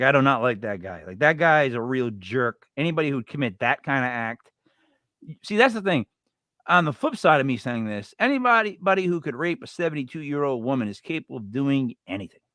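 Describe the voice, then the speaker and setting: Blunt, rambling man with a bright voice. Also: medium pitch, lively intonation, moderate pace, no echo. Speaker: podcast co-host. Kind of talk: casual true-crime chat.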